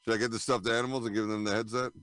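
A man's voice: fairly low pitch, little pitch movement, very fast, fairly bright tone, clear, resonant tone, no room sound. A man co-hosting a radio show, trading jokes and banter while watching a film with friends. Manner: joking, self-deprecating banter. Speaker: radio co-host.

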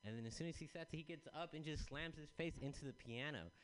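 A stand-up comedian with a fairly high voice tells a rambling story at a fast clip, captured in a low-quality recording. He's animated, swears, and acts out the people he quotes.

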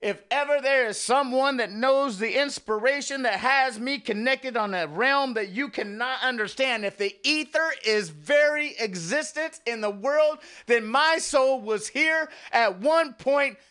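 A man with a very high, bright and sharp voice, hosting a radio talk show. He preaches in a fervent revival manner, dropping to soft murmurs and swelling back up. He sounds a little winded from the passion of it. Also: a little slow, hardly any pauses, clear, resonant tone. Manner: swings from hushed murmurs to rising revival-preacher exclamations. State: out of breath. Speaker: radio host. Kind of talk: impassioned preacher-style monologue.

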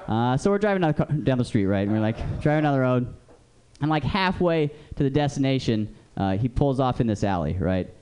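Lively, profane male stand-up comic. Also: medium pitch, a little fast, a little hiss or hum. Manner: profane, rambling storytelling. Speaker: stand-up comedian. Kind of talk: stand-up comedy set.

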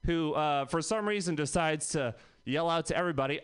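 A man's voice: on the high side, fairly quick, clear, resonant tone, faint music behind. A man in his twenties doing a rambling stand-up set, laughing at his own jokes. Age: 20s. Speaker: stand-up comic.

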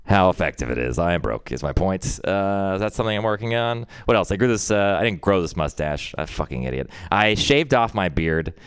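A young male comic rambles through an open mic set, mocking himself and leaping up in pitch for punchlines. His voice is smooth and resonant, heard dry and close. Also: lively intonation, a little fast, hardly any pauses, no room sound. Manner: rambling, self-deprecating, jumps pitch for punchlines. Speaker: stand-up comedian.

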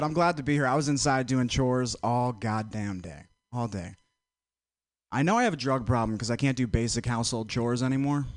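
Deadpan man telling one-liners. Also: medium pitch, no echo. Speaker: stand-up comic. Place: comedy club stage.

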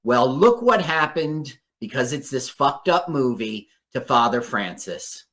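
A radio host chatting casually about a movie, animated and profane. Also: mid-range voice. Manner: animated, profane, quick to laugh. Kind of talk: casual movie commentary chat.

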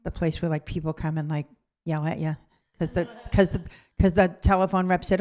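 A woman's voice: fairly low pitch, steady tone, brisk, vocal fry, darkish tone. A woman telling a funny story about herself, blunt and cheerfully profane. She acts out the people in the story as she goes, shifting into their voices for each quote. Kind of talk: comedic personal story told aloud.

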